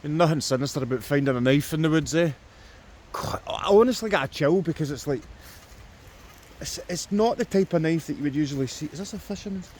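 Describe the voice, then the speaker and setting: A Scottish man's fairly high, slightly mellow voice moves briskly as he jokes through commentary on his metal-detecting vlog. It was filmed in the woods next to a river, whose flow is audible in the noisy outdoor recording.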